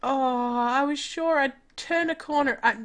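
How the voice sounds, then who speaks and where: A woman's voice: high-pitched, unhurried. A woman chatting casually on a live game stream, self-deprecating and talking to herself as she plays.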